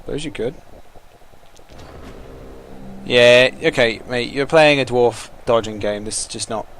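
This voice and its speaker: Male gaming commentator, mid-pitched, gleeful trash talk, slight noise under the voice. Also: moderate pace. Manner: excitable, taunting trash talk. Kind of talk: let's-play commentary.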